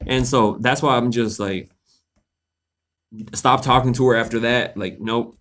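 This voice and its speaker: A man's voice: mid-range voice, normal speed. Laughing, cussing storyteller guy. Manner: animated, laughs often, swears freely. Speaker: host of a live Q&A stream. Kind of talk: casual storytelling to viewers.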